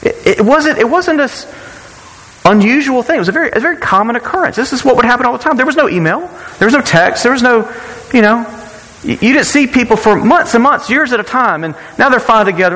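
A man's voice: very high-pitched, animated, quick pace, sharp tone, in a large hall, rough recording. A man preaching a sermon in a conversational way, often repeating words and asking rhetorical questions. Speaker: pastor.

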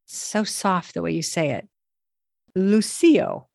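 A woman's voice: lowish voice, expressive, slow, vocal fry, darkish tone, dry recording, studio quality. A woman who is a native English speaker hosting a podcast language lesson, upbeat and self-deprecating as she prompts each word. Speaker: podcast host.

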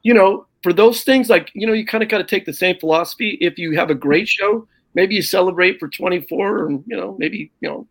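A middle-aged man, a stand-up comedian, telling animated, salty road stories in casual conversation. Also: high-pitched, fairly quick, vocal fry, hardly any pauses. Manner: animated anecdote with profanity and quoted voices. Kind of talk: casual storytelling on a podcast.

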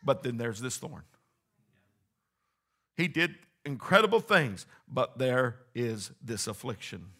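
A male pastor preaching a sermon in a church, swinging between quiet, low asides and loud, rising exclamations. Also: big pitch swings, slow pace, long pauses.

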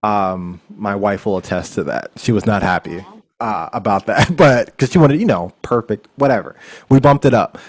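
A man, a wedding DJ and podcast guest, telling stories in a lively, laughing way. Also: fairly low pitch, normal speed, no echo, clean studio sound. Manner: animated storyteller, laughs often. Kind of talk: casual interview chat.

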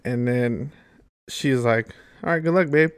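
A man's voice: mid-range voice, measured pace, clean tone. A young adult man telling a long story in casual chat, rambling and swearing freely, saying "like" and "dude" often. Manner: profane, rambling, heavy use of "like" and "dude".

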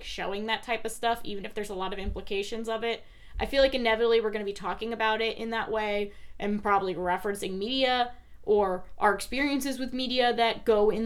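A woman with a New Jersey accent co-hosting a casual podcast, animated, swearing freely and laughing often. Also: medium pitch. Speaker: podcast co-host; teacher. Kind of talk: casual rewatch podcast chat.

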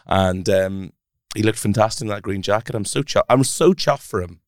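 A man's voice: on the low side, normal speed, no echo, studio quality. A man co-hosting a sports podcast, chatting in a teasing, jokey way. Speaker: podcast co-host, sports reporter. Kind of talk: casual podcast chat.

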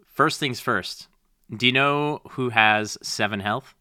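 Animated man, bright crisp voice. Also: medium pitch, slow, no echo, studio quality. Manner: animated storytelling, acts out quotes. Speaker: podcast co-host. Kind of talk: casual chat.

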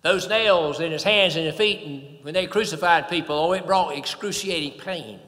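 A man's voice: fairly high pitch, normal speed, pushed and bright, long reverb tail. A man preaching a sermon, emphatic, swelling and dropping in volume.

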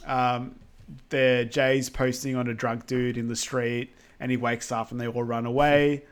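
Regular-pitched guy walking through film scenes, lots of ums, laid back. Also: flat delivery, measured pace, clear, resonant tone. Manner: easygoing, hesitant with many ums. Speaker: podcast co-host. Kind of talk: casual film recap chat.

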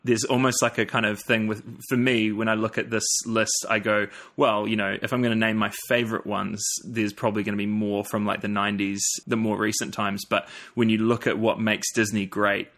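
A man with a New Zealand accent talks through a casual podcast chat, his voice sitting a little low. He hesitates, restarts and fills gaps with ums. He laughs easily. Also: little pitch movement, a little fast, hardly any pauses, fairly bright tone. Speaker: podcast guest.

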